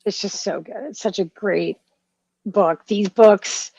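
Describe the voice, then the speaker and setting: A woman's voice: medium pitch, fairly even intonation, slow, creaky, dark tone, breathy edge, no room sound. A woman co-hosting a casual podcast chat, gushing and emotional, with frequent restarts and fillers. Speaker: podcast co-host.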